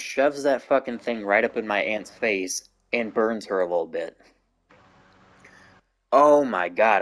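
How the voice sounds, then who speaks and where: Gaming host, male, low voice, casual swearing storyteller who drifts into asides. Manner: constant swearing, rambling asides.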